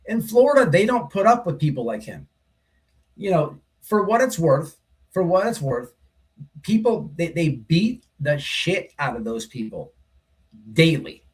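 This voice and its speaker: A man's voice: a little high, very animated, measured pace. A man hosting a livestream, telling a story in a blunt, rambling way, full of profanity and repeated "right?". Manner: rambling, repeats himself, says "right?" often. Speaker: livestream host. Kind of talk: casual storytelling monologue.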